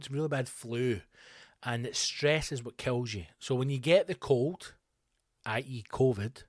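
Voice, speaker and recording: A man hosting a comedy podcast, telling a rambling story with sudden loud, incredulous outbursts. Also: mid-range voice, dry recording, clean studio sound. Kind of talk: comedic monologue.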